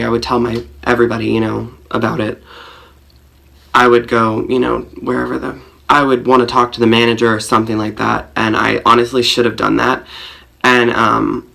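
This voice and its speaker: A man's voice: mid-range voice, creaky, bright, forceful tone. A man vlogger telling a personal story in a rambling, self-mocking way, full of fillers. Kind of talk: storytime vlog.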